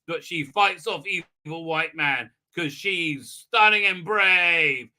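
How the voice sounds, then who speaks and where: A man's voice: fairly high pitch, slow pace, pushed and bright. A man casually recapping a TV episode on a live stream, mocking it and acting out lines in silly voices, with lots of "uh"s and restarts. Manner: mocking, acts out quotes in funny voices, many fillers and restarts.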